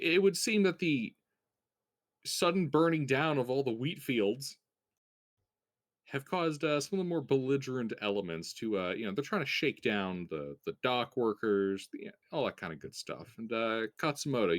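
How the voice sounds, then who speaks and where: A man narrating as game master of a tabletop game, relaxed and full of fillers and restarts. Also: medium pitch, moderate pace.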